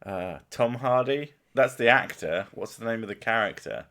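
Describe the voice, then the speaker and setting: A man's voice: mid-range voice, animated, moderate pace, fairly bright tone. A young man hosting a stream, chatting casually with a co-host in jokey, sweary banter and laughing often.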